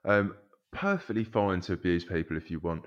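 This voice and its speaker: A man co-hosting a casual football podcast, talking in a halting way with many ums. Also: low voice, big pitch swings. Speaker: podcast co-host. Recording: dull lo-fi sound.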